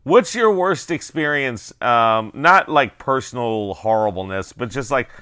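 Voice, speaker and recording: Smooth-voiced man chatting on a podcast. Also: medium pitch, lively intonation, a little slow, bright, forceful tone, no echo, clean studio sound. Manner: chatty, laughs easily, tells anecdotes. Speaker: podcast co-host. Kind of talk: casual movie chat.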